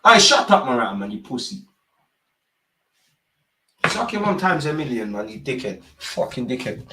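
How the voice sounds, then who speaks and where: Animated man yelling at the match. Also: mid-range voice, moderate pace, husky. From England. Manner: animated, yells at the screen, swears, heavy street slang. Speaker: football watchalong host. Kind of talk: live match watchalong commentary.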